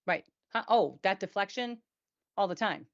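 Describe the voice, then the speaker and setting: A woman's voice: mid-range voice, animated, moderate pace, gravelly, highs cut off. A woman in a candid conversational chat, talking at length in a reflective way and often checking in with "right?". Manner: reflective, talks at length with frequent "right?" and "you know". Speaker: co-host of a patient support show.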